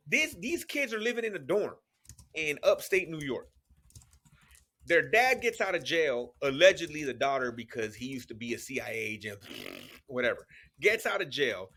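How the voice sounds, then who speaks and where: A man in his thirties co-hosting a podcast, talking in an animated, profane way and laughing often. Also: on the high side. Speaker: podcast co-host. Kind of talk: casual chat.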